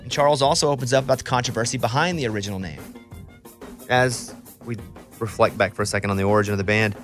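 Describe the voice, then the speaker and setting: A man's voice: medium pitch, quick pace, a bit bright, soft background music. A man hosting a podcast interview, talking in a candid, chatty way. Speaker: podcast host. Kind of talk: casual interview chat.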